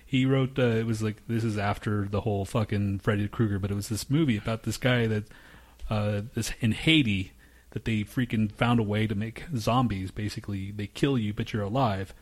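A man's voice: on the low side, steady tone, normal speed. A man co-hosting a podcast in a studio, telling rambling, profane stories in casual chat. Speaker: podcast co-host.

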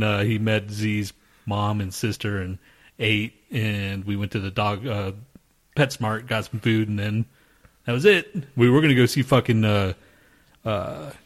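Swearing man co-hosting a casual podcast. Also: on the low side. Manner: swears constantly, teasing, quick to laugh. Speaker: podcast co-host. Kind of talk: casual profane banter.

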